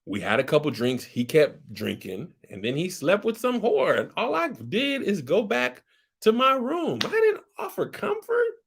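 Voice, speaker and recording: A man voicing an indignant young woman royal, protesting in a high, squeaky, offended voice. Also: wildly swooping pitch, measured pace, gravelly, breathy edge, heavily acted. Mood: defensive.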